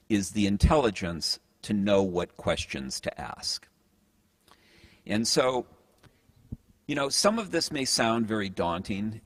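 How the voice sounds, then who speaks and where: A man gives a motivational talk, earnest and storytelling, often restarting phrases as he builds his point. His low voice swings widely in pitch, and it sounds close and dry. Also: dry recording. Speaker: speaker.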